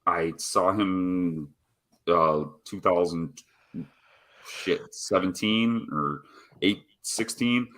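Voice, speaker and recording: A man's voice: sits low, very slow, a bit bright. A man chatting casually on a live stream, rambling and swearing constantly as he tells stories. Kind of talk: casual chat. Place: home, rolling a cigarette.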